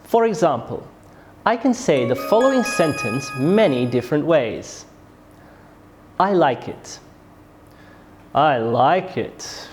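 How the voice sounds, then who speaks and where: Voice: medium pitch, very animated, measured pace, pauses often, over music. A pronunciation teacher giving a scripted English lesson, modelling sentences with careful, exaggerated rises and falls. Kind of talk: scripted classroom instruction.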